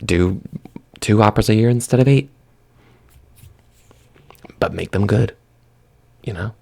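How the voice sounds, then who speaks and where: Man, vlogger, husky low voice, casual opinionated rant. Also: a little slow. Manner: ranting, exasperated, animated.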